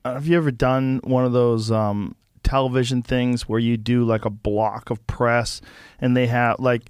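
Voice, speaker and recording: A man's voice: mid-range voice, steady tone, a little slow, smooth, no echo, studio quality. A man hosting a podcast in casual chat, curious and cutting in with questions. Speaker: podcast host.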